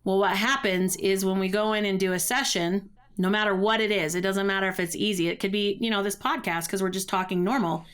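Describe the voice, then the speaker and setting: A woman's voice: medium pitch, fairly even intonation, fairly quick, hardly any pauses, a bit bright, clear, resonant tone. A middle-aged woman, a vocal coach, explaining voice care in a podcast interview. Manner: explanatory, uses running metaphors.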